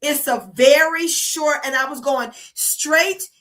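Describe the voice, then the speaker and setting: A woman's voice: high voice, slow, a bit bright. A woman from the United States hosting a livestream, delivering a profane, heated and emphatic casual rant. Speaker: streamer host.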